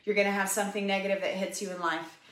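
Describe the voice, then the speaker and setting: A woman's voice: mid-range voice, little pitch movement, rapid-fire, fairly bright tone. A woman giving an upbeat, encouraging health pep talk to a live audience, chatty and full of fillers. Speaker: health coach. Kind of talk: casual livestream pep talk. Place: home room, drawing on a whiteboard. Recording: echoey room.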